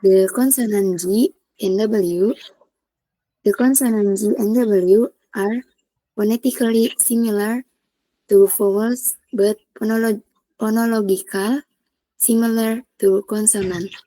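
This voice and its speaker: A young woman reading a class presentation on syllables, slowly and haltingly, with restarts. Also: medium pitch, steady tone, mellow, no room sound, low-quality recording. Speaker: student presenter.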